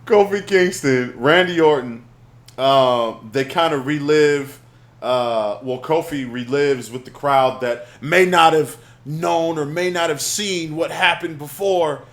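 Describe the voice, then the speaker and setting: A man's voice: on the high side, slow pace. A man co-hosting a wrestling review podcast, chatting casually and laughing often. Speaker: podcast co-host.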